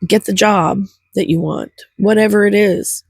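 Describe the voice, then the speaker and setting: Gravelly, husky older woman vlogging. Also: medium pitch, fairly even intonation, measured pace, dry recording. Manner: rambling, chatty, gets teary. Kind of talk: casual chat to camera.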